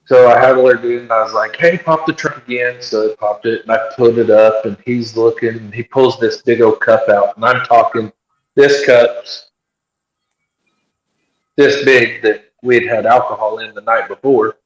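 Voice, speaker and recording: A man telling a story in casual chat, animated, and acting out what other people said. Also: medium pitch, normal speed, lo-fi sound. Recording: echoey room.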